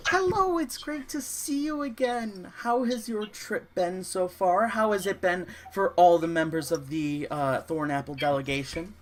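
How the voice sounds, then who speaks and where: A man doing a chirpy falsetto innkeeper woman. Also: unhurried, hardly any pauses, a little hiss or hum. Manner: high falsetto, sing-song. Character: chirpy inn receptionist woman, overly polite.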